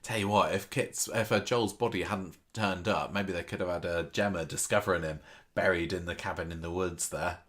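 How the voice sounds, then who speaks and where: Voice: low-pitched, steady tone, fairly quick, a bit bright. A co-host in a casual chat about a TV soap, wry and chuckling. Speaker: podcast co-host.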